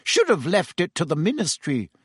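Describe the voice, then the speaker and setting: A man's voice: a little high, huge pitch swings, moderate pace, breathy edge, no echo, voice pushed up, full character voice. A stern older woman professor, as a male reader puts her on, clipped and prim. The voice is raised a little above his own and sounds dry and close. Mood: rueful.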